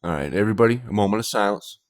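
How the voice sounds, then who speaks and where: A man's voice: fairly low pitch, animated, rapid-fire. A man hosting a reaction channel, chatting casually and agreeably. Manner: agreeable, easygoing.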